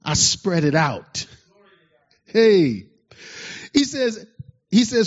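A man preaching a sermon to his congregation, his voice sitting a little high for a man. His delivery is fervent and emphatic, swinging from loud, fired-up exclamations to soft asides. The recording is dull and lo-fi. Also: big pitch swings, drawn-out words, long pauses. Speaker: pastor.

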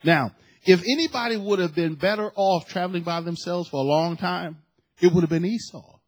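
A man preaching a sermon, telling a family story in a chatty, animated way with asides before reading and explaining scripture. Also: sits high, moderate pace, slightly rough. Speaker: pastor.

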